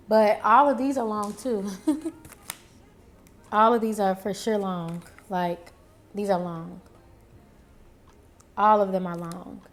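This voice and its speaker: A young beauty vlogger walks viewers through her makeup routine, chatting casually and speaking to them directly as well as to herself, with drawn-out exclamations. Her voice is medium-pitched, and there's slight background noise.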